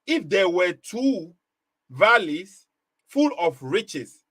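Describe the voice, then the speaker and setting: A man with a fairly high voice hosts a live commentary stream, hammering his point through emphatic, repetitive rhetorical questions. He breaks into short laughs between points. The sound is dry and close, with almost no room around it. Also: very animated, very slow, fairly bright tone, dry recording. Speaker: livestream host.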